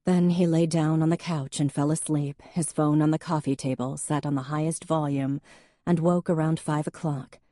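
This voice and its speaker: A woman narrating an audiobook in a measured, steady way. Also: deep voice, no room sound, studio quality. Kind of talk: scripted narration.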